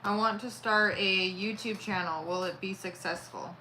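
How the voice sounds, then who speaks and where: A woman co-host reading viewer questions aloud in a quiet, matter-of-fact way. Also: mid-range voice, steady tone, normal speed. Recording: echoey room from off-mic, clear background noise.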